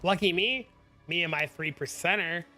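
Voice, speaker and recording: A man streaming a game live, chatting casually with viewers, answering chat and telling animated stories, on a desk microphone at home. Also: a little high, moderate pace, soft background music.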